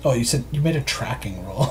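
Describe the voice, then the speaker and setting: A man's voice: mid-range voice, animated, fairly quick, darkish tone, slight background noise. A man narrating a tabletop game as game master in a loose, chatty, laughing way.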